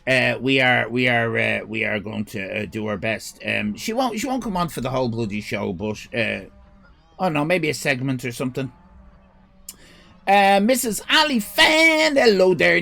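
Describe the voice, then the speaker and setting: An Irish man hosting a live stream, chatting casually with viewers, swearing and joking in animated rants. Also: on the high side, creaky. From Ireland. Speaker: livestream host.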